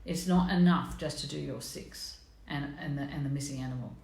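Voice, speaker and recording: Middle-aged female host, deep voice, casual and frank, live stream from an echoey room. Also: a little fast, vocal fry, darkish tone. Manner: chatty, blunt and self-mocking, greets viewers by name.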